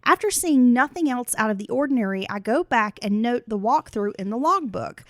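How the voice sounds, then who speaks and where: A woman's voice: fairly high pitch, expressive, moderate pace, a bit bright, no room sound, studio quality. A woman co-hosting a podcast, reading listener stories aloud and chatting in a teasing, laughing way. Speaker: podcast co-host.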